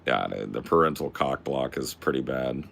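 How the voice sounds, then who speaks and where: A very deep, gravelly young man chats loosely with his stream, slangy and profane. Faint noise hums under his voice. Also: expressive, normal speed, fairly bright tone. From Pacific Northwest. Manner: laid-back, slangy, swears a lot. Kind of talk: casual livestream chat.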